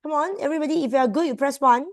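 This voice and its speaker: High-voiced Malaysian woman tutoring online. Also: racing. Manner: mixes English with Malay terms, coaxing students. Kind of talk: online exam revision class.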